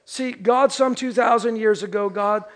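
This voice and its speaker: A man in his thirties preaching a Christmas sermon, telling a joke story and then slowing down to stress key phrases. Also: sits high. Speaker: pastor.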